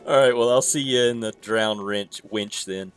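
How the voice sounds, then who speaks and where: A man's voice: lowish voice, moderate pace, soft background music. A man co-hosting a casual gaming stream, easygoing and laughing often while playing. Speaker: co-host playing a game for the first time.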